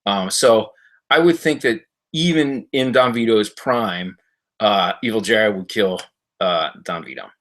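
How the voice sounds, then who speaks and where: On his livestream, a middle-aged man chats casually from his home library and answers viewers' comments, his voice a bit bright. The storytelling is rambling and halting with plenty of fillers, and he goes high when imitating others.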